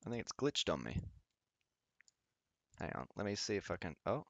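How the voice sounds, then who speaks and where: A man's voice: low-pitched, sing-song, moderate pace, creaky, fairly bright tone, dry recording. A man commentating on a clip during a casual live stream, swearing and mocking people in put-on voices. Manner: swearing, sarcastic, acts out people in exaggerated voices.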